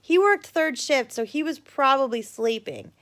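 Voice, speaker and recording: A woman's voice: high voice, moderate pace. A middle-aged woman casually telling a childhood story on her vlog, swearing freely and acting out the quoted voices. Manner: animated, swearing, acts out voices in quoted lines. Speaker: vlogger.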